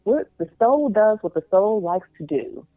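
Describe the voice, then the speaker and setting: Heard on a tinny, phone-like line with a dry recording, a middle-aged woman guest in a casual interview recounts a vivid story from her own life, voicing what other people thought. She works as a spiritual practitioner, and her mid-range voice is expressive at normal speed.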